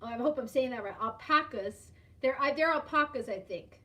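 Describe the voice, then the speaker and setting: Telling a story during her laid-back live stream, a woman with a high voice talks slightly quickly and laughs frequently. She's lively and calls out chatters by name as she goes.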